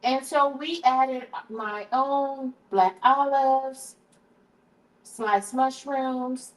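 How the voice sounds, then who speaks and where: A woman's voice: sits high, extremely slow. A woman hosting a casual live stream from her kitchen, chatting with viewers while she tastes her food. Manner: chatty, talks to viewers, switches to hushed prayer. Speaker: livestream host. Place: home kitchen. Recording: roomy, distant camera mic.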